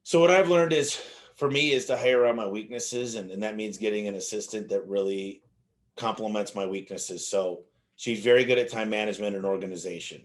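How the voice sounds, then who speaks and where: A man telling animated stories as an interview guest, acting out the dialogue in his anecdotes with frequent restarts. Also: fairly low pitch, fairly quick. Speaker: business owner guest. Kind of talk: casual interview storytelling.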